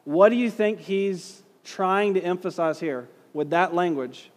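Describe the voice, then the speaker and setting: A man's voice: high-pitched, unhurried. Man lecturing a class in a reverberant hall. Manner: conversational, stresses key words, asks the class questions. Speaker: teacher. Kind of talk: classroom lecture reading historical quotes.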